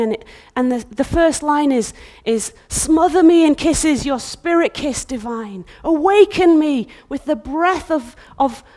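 Impassioned woman preaching, high-pitched voice. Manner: impassioned, dramatic, swings from loud outbursts to hushed whispers when quoting. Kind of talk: sermon.

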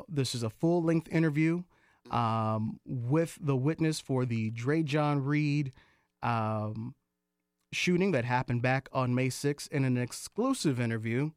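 A man hosting a news talk show, speaking in a measured way with many filler ums. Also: mid-range voice, dry recording, clean studio sound. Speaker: host.

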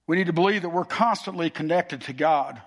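A man's voice: fairly high pitch, fairly quick, slightly rough. A middle-aged male pastor preaching a sermon with folksy storytelling and frequent restarts. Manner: folksy storytelling, repeats words.

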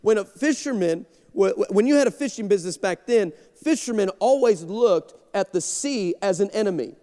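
A guest pastor preaching with animated, rapid storytelling, acting out every line of dialogue. His voice sits high for a man, and the echo of a large church hall trails behind each phrase. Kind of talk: sermon with storytelling. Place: church sanctuary.

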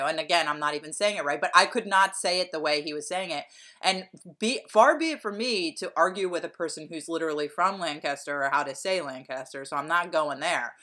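A woman's voice: fairly low pitch, fairly quick, bright, forceful tone. A woman, rambling through a casual podcast chat. She swears freely and fills her sentences with ums and likes. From Pennsylvania. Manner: profane, rambling, frequent fillers. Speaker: podcast co-host.

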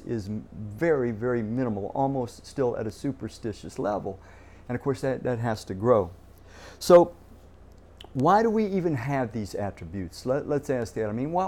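A man's voice: mid-range voice, a little mellow. A man preaching a sermon, earnest, often repeating his words as he builds a point and putting questions to the listeners. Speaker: pastor.

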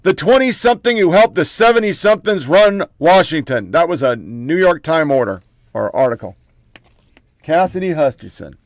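High-voiced sarcastic male commentator. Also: sing-song, normal speed, no echo. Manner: reads headlines aloud in clipped bursts, mocking. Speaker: political commentary host.

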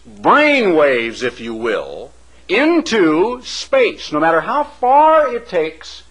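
A man's voice: on the high side, fairly bright tone, rough recording. A man delivering a radio sermon as an evangelist broadcaster, with dramatic emphasis. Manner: dramatic, swooping emphasis with acted-out voices.

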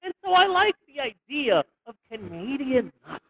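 A young man co-hosting a podcast, telling stories in a rambling, animated way with stumbles and restarts. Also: very high-pitched, normal speed, creaky, a little hiss or hum, poor audio. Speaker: podcast co-host. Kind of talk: casual comedic movie review chat.

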